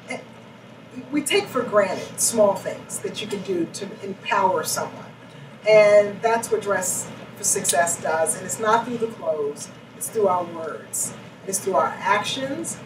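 A woman, a chief executive, answering questions in a live panel interview with animated storytelling. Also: mid-range voice. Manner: animated storytelling, acts out quoted voices. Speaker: CEO interviewed on stage. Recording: echoey room, distant mic, noisy.

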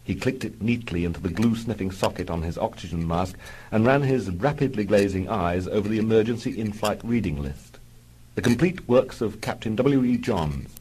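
A man tells an absurd pilot yarn in dry, mock-heroic tones. His voice sits low and a little husky, yet it rises and falls with lively pitch. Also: moderate pace, low-quality recording. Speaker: narrator. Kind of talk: deadpan comic storytelling.

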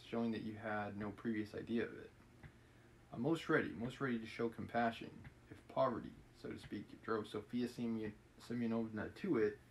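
A man's voice: on the low side, slight background noise, close to an everyday voice, rough recording. A man reading aloud as a pompous, self-righteous male official. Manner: pompous, indignant. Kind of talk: reading a novel aloud on a live stream.

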